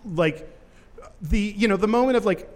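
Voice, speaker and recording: Brief: high-pitched male podcast host, animated, swears, laughs a lot, recorded in a reverberant room. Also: normal speed. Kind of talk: casual comedic chat.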